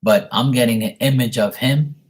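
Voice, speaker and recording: Speaking at normal speed with a medium-pitched voice, a young tarot reader gives a live on-camera reading through his desk webcam. His delivery of the messages rambles and is packed with filler words.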